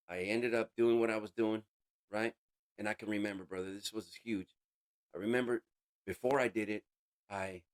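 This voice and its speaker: A man giving an emotional personal testimony as an interview guest, halting and casual, with street slang. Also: fairly low pitch, a bit bright. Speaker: interview guest sharing a recovery story.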